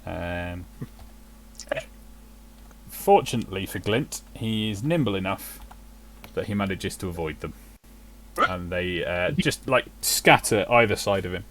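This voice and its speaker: A man running a tabletop game as game master, narrating the action in a measured way. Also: sits low, expressive, fairly bright tone.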